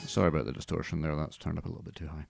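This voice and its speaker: A man's voice: extremely low pitch, level tone, very fast, creaky, darkish tone, soft background music. A man hosting a movie podcast, reading news with dry, mocking asides. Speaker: podcast host. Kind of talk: casual comedic movie news chat.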